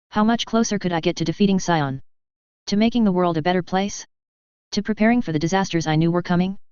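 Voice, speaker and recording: Brief: woman storyteller, lowish pitch, lo-fi dull recording, steady narration. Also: clean tone, no room sound. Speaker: reader. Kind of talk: audiobook reading of fan fiction.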